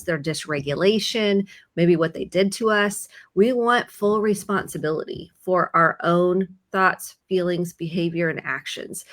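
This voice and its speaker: A middle-aged female therapist, her voice on the low side, talks through calm, comforting advice, her delivery growing slower while she coaches.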